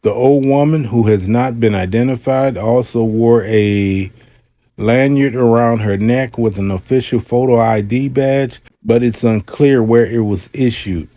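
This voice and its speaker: A man's voice: medium pitch, measured pace, no room sound. A man hosting a reaction video, giving his own commentary and then reading a news article aloud in a conversational way. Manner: relaxed, conversational, reads news aloud with asides. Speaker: commentary host.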